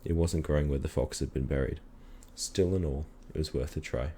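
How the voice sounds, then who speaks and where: A man calmly reading a children's story aloud in a measured storytelling manner. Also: rumbling low, a little hiss or hum. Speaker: reader.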